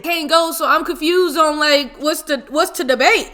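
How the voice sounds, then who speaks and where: A woman in her twenties telling a story casually while eating, animated and full of slang and exclamations. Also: high voice, normal speed, few pauses. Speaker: mukbang vlogger.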